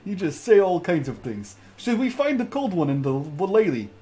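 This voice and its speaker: A man's voice: high-pitched, sing-song, moderate pace, mellow. Man role-playing in blunt broken English. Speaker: player. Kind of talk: in-character role-play.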